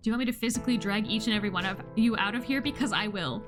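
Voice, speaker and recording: A woman's voice: mid-range voice, racing, fairly bright tone, soft background music, close to an everyday voice. A woman voicing a bossy older sister. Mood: scolding. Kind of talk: voicing a visual novel character.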